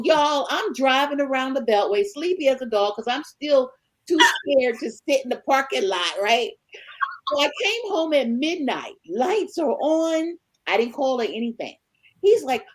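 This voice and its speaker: A woman in her sixties with a husky, slightly breathy voice and a fairly high pitch. She tells her stories with animated back-and-forth dialogue and calls her listeners y'all. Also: moderate pace, low-quality recording. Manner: animated, acts out both sides of conversations, addresses listeners as y'all. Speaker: married guest panelist. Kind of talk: storytelling chat.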